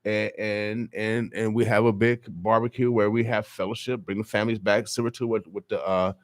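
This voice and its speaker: A man hosting a morning radio show, making animated, hyped announcements and chatting casually about community events. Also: on the low side, brisk, no echo, studio quality.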